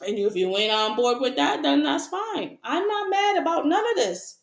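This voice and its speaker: A woman's voice: high voice, expressive, moderate pace, reverberant. A woman giving a casual tarot reading to her viewers, frank and repetitive, asking rhetorical questions and laughing often. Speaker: tarot reader.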